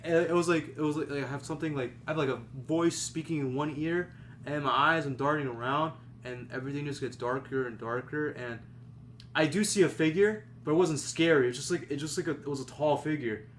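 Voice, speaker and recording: A man's voice: on the high side, fairly quick, slight background noise. A young man casually telling a story to friends on a podcast, full of fillers and restarts. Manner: rambling, many fillers and restarts. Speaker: podcast host.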